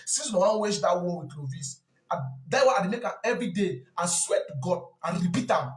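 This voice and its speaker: A man with a Cameroonian Pidgin English accent speaks high and fast, in an intense, emphatic flow that repeats lines for force. His voice rings in a roomy, echoing space. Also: lively intonation. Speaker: speaker in a live video. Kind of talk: impassioned spoken confession.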